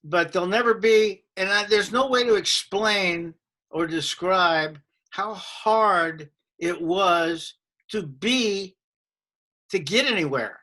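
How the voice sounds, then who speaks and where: A man in his sixties, a comedian guest telling anecdotes in an animated way in a casual interview. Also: sits high, slow pace.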